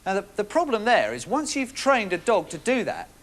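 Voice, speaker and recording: Stand-up comedian, male, wry and deadpan, animated delivery. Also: high voice, moderate pace.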